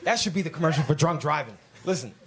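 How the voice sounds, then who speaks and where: Um comediante brash e grosseiro, com ruído forte de sala. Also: male voice, fairly high pitch, fast, gravelly, heavy background noise. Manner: crude, brash, animated storytelling with voices. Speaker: stand-up comedian. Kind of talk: stand-up comedy set. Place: comedy club stage with live audience.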